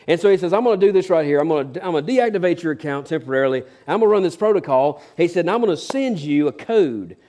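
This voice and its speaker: A preacher man with a high-pitched voice delivers his sermon dramatically. He acts out the quotes and drops from loud declarations to hushed asides. Between points he slips into folksy storytelling. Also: expressive, fast, few pauses.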